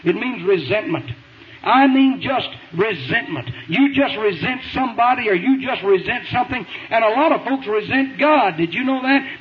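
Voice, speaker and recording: High-voiced preacher on tinny radio. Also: male voice. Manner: folksy, emphatic, rising to shouts. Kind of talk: sermon. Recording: tinny phone-like radio broadcast with faint hiss.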